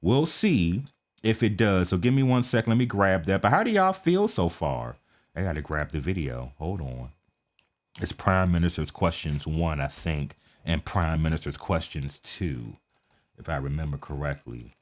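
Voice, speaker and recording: An American man giving casual, talkative commentary on a live stream. He keeps checking in with "okay?" and mutters quietly to himself while he sets things up. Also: low-pitched, animated, normal speed. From United States. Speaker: reaction video streamer.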